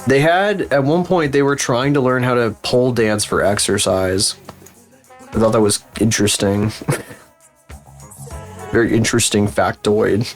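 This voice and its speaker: A man's voice: mid-range voice, slow, long pauses, soft background music. A man with the flu, chatting casually on a livestream in a rambling, profane, incredulous way. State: sick with flu. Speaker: streamer.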